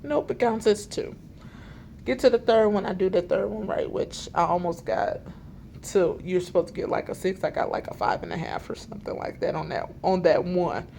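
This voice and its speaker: A woman vlogging from a hospital library, retelling a frustrating appointment in an animated, exasperated way and acting out the dialogue. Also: lowish voice, normal speed, vocal fry, a little hiss or hum. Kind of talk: storytime vlog. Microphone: self-filmed camera.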